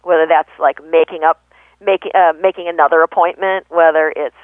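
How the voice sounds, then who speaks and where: A woman guest explaining communication in a thoughtful, conversational way, pausing often with fillers and self-corrections. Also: deep voice, steady tone, no echo. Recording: tinny phone-line radio audio.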